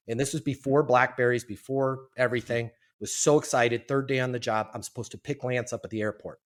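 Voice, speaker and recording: A man telling a story as a podcast guest, in a lively, animated way and acting out what people said. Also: mid-range voice, brisk. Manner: animated, lively storyteller who acts out quotes. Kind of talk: storytelling in a casual interview.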